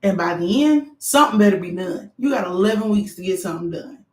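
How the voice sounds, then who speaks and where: A woman giving frank, animated advice straight to her viewers in a candid monologue. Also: medium pitch, brisk. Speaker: doctoral student vlogger. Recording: echoey room.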